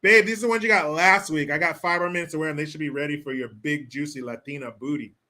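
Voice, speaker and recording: A man's voice: on the high side, fast talker, bright, forceful tone. A man voicing a meek, simpering young fiancé who whines and panders. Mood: whiny.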